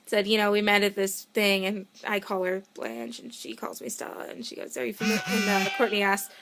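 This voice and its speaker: A young woman telling a story in a casual vlog, excitable and rambling, often cutting herself off to start over. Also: mid-range voice, brisk, gravelly. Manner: excitable, rambling, self-interrupting; gushing fan enthusiasm. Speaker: vlogger.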